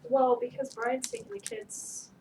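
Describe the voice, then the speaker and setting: Animated, giggly woman in a roomy office. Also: high voice, measured pace. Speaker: staff member on a game studio video. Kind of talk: casual office chat. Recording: roomy, distant office recording with faint hiss.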